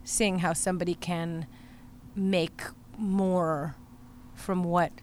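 A woman musician talking about her songwriting in an interview, thoughtful and hesitant with many pauses and fillers. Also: fairly low pitch, flat delivery, darkish tone, a little hiss or hum. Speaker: musician guest. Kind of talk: conversational interview.

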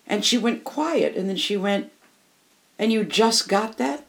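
An older woman speaking as an interview guest, her voice sitting at an ordinary middle pitch. She tells candid stories in an emphatic, animated way and often repeats phrases to drive a point home. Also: unhurried, gravelly.

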